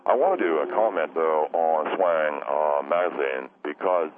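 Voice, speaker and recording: A man doing a very deep, rambling phone caller. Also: unhurried. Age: young adult. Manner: rambling, apologetic, loses his train of thought. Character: rambling, scatterbrained young man phoning in. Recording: tinny phone line with faint hiss.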